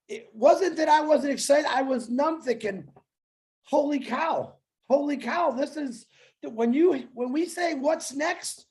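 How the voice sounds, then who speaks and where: A man co-hosting a livestream, excitable and joking, bursting into shouts. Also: very high voice. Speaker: co-host. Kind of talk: hyped livestream chat.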